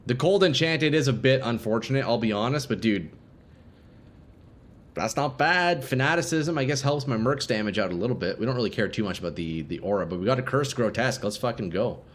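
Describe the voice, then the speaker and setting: A man's voice: medium pitch, lively intonation, fairly quick. A young man streaming a game live, chatting casually with viewers and swearing freely. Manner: laid-back, swears freely, chats with viewers.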